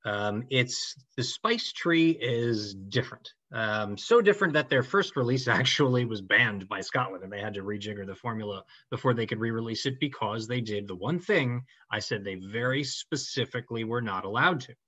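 A man's voice: medium pitch, animated, moderate pace, few pauses, a bit bright, dry recording. A man presenting a whisky tasting, explaining in a knowledgeable, conversational way over a video call. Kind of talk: informal explanatory talk. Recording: dull, dry call audio.

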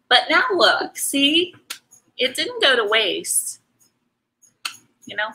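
A middle-aged woman chats at a slow, easy pace while she paints, with a bright, forward tone. She rambles, stops to answer comments and is full of ums and restarts. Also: high voice, sing-song, creaky, a little hiss or hum, rough recording. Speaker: artist hosting a live painting stream. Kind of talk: casual chat while painting.

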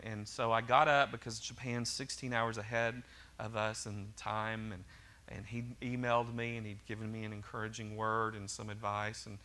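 Man, middle-aged pastor, sermon, bright clear tone, conversational, joking asides. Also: mid-range voice, a little hiss or hum. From Oklahoma, USA.

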